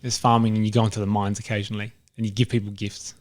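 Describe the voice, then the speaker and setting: A man from South Australia with a South Australian accent, co-hosting a podcast in casual chat, joking and telling animated stories. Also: on the low side, racing. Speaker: podcast co-host.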